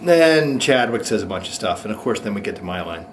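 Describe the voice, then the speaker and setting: A man hosting his own comedy show, ranting sarcastically with quick mocking asides. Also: fairly low pitch, big pitch swings, background noise. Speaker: host. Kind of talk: sarcastic comic monologue.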